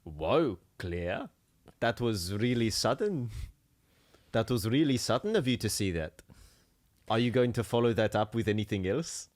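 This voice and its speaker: A man doing a deadpan tech billionaire boss. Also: fairly low pitch, unhurried, pitched below the performer's own voice. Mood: mock-serious.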